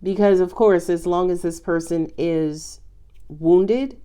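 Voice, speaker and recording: Female tarot reader, chatty and expressive, slightly low voice, casual delivery. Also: slow pace, clean tone. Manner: chatty, expressive, exclaims often. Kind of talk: casual spoken tarot reading.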